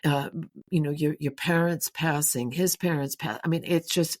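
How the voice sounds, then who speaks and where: A woman in a friendly conversation who listens closely and answers with thoughtful, encouraging reflections. Her voice sits very low for a woman. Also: normal speed. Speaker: podcast co-host. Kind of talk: casual chat.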